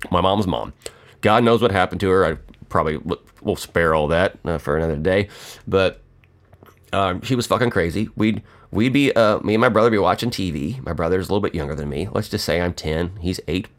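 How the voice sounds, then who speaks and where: A man's voice: low-pitched, a little fast. A middle-aged man telling rambling, profane and joking stories in a casual monologue.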